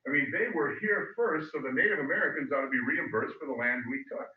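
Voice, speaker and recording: A middle-aged male history teacher telling a story to his class, animated and acting out voices. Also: on the high side, a little fast. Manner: animated, acts out voices, loud bursts. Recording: phone-like, echoey, distant mic.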